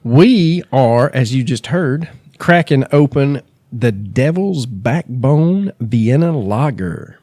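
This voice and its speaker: A man's voice: mid-range voice, lively intonation, takes it slowly, hardly any pauses, dark tone, dry recording, clean studio sound. A man co-hosting a true crime podcast, chatting casually and reading out case notes. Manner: laid-back, joking, reads case notes. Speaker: podcast co-host.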